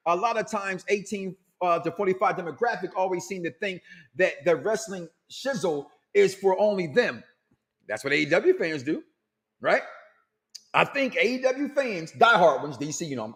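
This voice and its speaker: A middle-aged man hosting a casual talk show, loud and animated, reading out listener comments and laughing often. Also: high-pitched. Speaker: podcast host.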